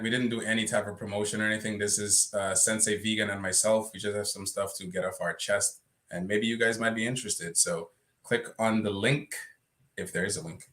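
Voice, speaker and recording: A man's voice: on the low side, steady tone, a little fast, a bit bright. A man co-hosting a casual livestream, chatty and loose, often breaking into laughter. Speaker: livestream co-host.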